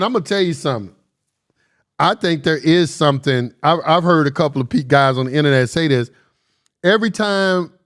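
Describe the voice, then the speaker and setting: A man giving casual commentary, reading verses aloud and arguing bluntly and emphatically, often laughing. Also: a little high. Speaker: commentator reading and discussing scripture.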